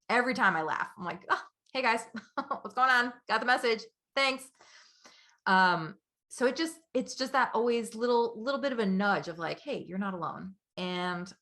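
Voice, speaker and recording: Bright-voiced chatty woman podcaster. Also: medium pitch. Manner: chatty and upbeat, laughs often, many fillers. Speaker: podcast host. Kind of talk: casual solo podcast talk.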